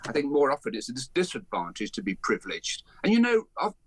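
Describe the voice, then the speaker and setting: An older man with a softened Birmingham accent, a guest on a talk radio show, speaking in an emphatic, animated and outspoken way. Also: medium pitch, fast talker, breathy edge, no echo. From Birmingham, England. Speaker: guest, education campaigner. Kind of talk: opinionated talk radio interview.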